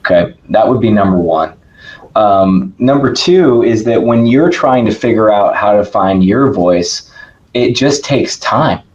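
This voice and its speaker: A man talking as a podcast guest in casual conversation, energetic and emphatic, often checking in with "right?". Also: lowish voice, measured pace, muffled recording.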